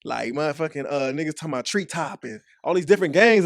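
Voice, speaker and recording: A man's voice: fairly high pitch, animated, fast, gravelly, no echo, clean studio sound. A young man from Dallas with a Texas accent, a former football player telling loose, profane stories as a guest on a podcast. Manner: loose, profane storytelling full of "like" and acted-out quotes. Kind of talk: casual chat.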